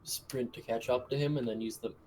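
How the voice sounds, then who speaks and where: A man's voice: medium pitch, steady tone, brisk, a crowd in the background. A man playing a tabletop game, describing his character's actions in the third person. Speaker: player. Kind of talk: tabletop role-play.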